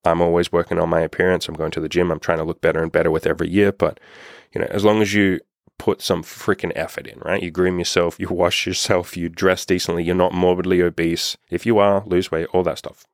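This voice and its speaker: A young man with a low voice delivers a blunt, impassioned talk on dating, swearing often. The sound is close and dry, with no room around it. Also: level tone, quick pace, no room sound. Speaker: dating coach. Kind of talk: casual vlog monologue.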